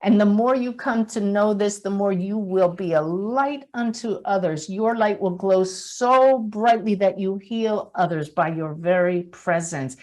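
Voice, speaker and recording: A woman giving an earnest, storytelling webinar talk as a spiritual speaker, softening to a hush at the close. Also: medium pitch, unhurried, few pauses. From United States.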